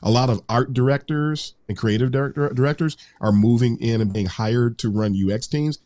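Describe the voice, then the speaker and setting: A man's voice: mid-range voice, fairly even intonation, normal speed, warm tone. Brief: male panelist and UX practitioner, earnest and candid, casual delivery with small stumbles. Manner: earnest, frank, some stumbles. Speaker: UX practitioner, podcaster.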